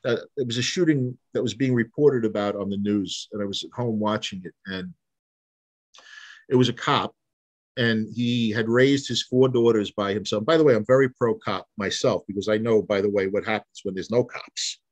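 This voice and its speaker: A man's voice: on the low side, moderate pace. A man, a private investigator telling vivid case stories in a casual interview, acting out the dialogue. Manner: animated storyteller, acts out quoted dialogue, frequent restarts.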